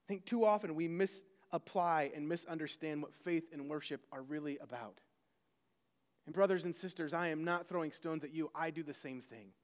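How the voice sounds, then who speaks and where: A man's voice: on the high side, normal speed, long reverb tail. A man, a pastor, preaching a sermon conversationally, with self-deprecating asides to the congregation.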